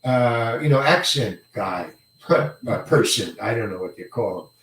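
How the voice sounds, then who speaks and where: An older male actor telling a career story in an interview, halting and rambling, often repeating words and chuckling. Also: medium pitch, animated, fairly bright tone. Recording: roomy echo, mic set far away.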